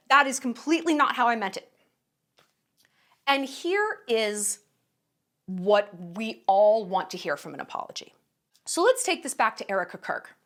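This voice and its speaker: A commentary vlogger with a high-pitched, fairly bright voice shares casual opinions bluntly and emphatically, profane, sarcastic and indignant.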